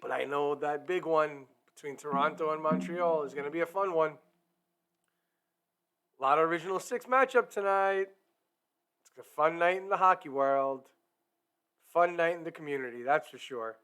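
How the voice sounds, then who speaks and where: A man's voice: a little high, moderate pace, pauses often, a bit bright, smooth. A man hosting a hockey talk live stream, chatty and upbeat, talking straight to his viewers. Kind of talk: casual live-stream chat.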